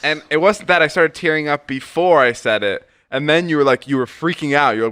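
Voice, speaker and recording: Young man, podcast host, casual chat, animated, swearing, bright tone. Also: fairly high pitch, smooth, no room sound, studio quality. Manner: animated, swears often, quick restarts.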